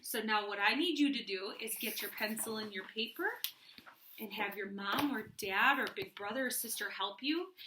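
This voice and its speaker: A woman teacher reads a picture book aloud to young children from home, warm and encouraging. Her voice is high and bright and unhurried. The room gives a noticeable echo. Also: slight background noise.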